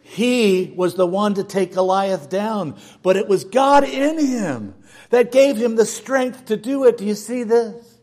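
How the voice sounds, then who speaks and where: A male preacher telling a Bible story in a sermon, with dramatic storytelling and big swings in loudness. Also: high-pitched.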